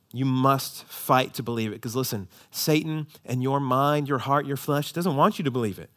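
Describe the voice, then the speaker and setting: A man preaching a sermon, swinging between hushed, low emphasis and loud, high-pitched exhortation. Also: lively intonation, moderate pace. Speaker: pastor.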